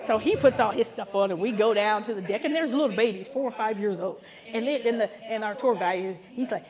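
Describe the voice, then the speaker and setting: A woman pastor telling comic stories to a live gathering, animated and jumping into high voices for the people she quotes. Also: quick pace, few pauses, crowd noise. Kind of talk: comic storytelling to a live audience. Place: women's gathering with a laughing audience. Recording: live event with audience laughter.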